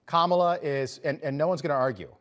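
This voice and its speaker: A man's voice: a little high, fast talker, a bit bright. Sarcastic male political commentator. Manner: conversational, emphatic, sarcastic asides.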